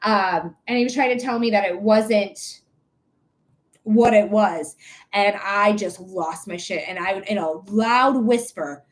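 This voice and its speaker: A woman hosting a live psychic-reading stream, talking in a blunt, outspoken way, swearing freely and tossing quick asides to viewers. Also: medium pitch. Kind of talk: casual live-stream chat.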